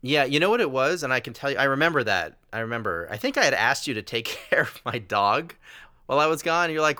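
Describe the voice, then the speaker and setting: A man's voice: mid-range voice, expressive, quick pace, pushed and bright, clear, resonant tone, no echo, clean studio sound. A middle-aged man hosting a casual conversation, laughing often and telling a self-deprecating joke. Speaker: podcast host.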